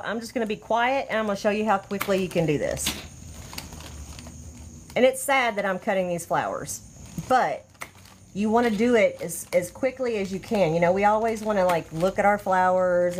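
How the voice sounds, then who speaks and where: Woman craft host, effusive and chatty, mid-pitch voice, faint crickets behind. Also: a little hiss or hum. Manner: chatty, effusive, easily excited. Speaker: crafter hosting a livestream tutorial. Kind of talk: casual live demonstration. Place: outdoors or by an open window, fading daylight.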